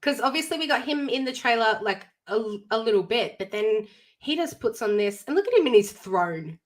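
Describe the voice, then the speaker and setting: A woman co-hosting an entertainment live stream, chatting in a casual, expressive way with emphatic reactions. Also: on the high side, moderate pace. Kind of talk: casual chat.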